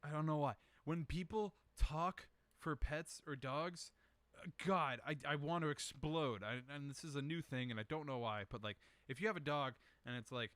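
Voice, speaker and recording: A man's voice: medium pitch, moderate pace, a bit bright, dry recording. A young man hosting a casual solo show, rambling through questions in a profane, self-mocking way. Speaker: podcast host answering questions.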